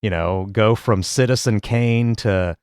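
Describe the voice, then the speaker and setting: A man's voice: on the low side, measured pace, clean tone, no echo, clean studio sound. A man hosting a reaction podcast, chatting casually and swearing as he laughs and mocks outtakes. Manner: profane, laughing, animated mockery. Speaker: podcast host.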